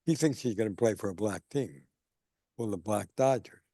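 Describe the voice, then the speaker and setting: An older man appears as a guest on a video call, telling anecdotes and acting out the people he quotes. His voice is fairly low and dark, at a moderate pace, recorded clean in a studio with no echo.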